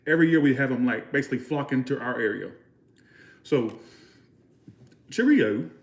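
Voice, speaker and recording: A man from Georgia with a Southern US accent hosts a casual livestream chat. He rambles and speaks bluntly in a middle-pitched voice. The sound bounces around an echoey room. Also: fast talker, gravelly. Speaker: channel host.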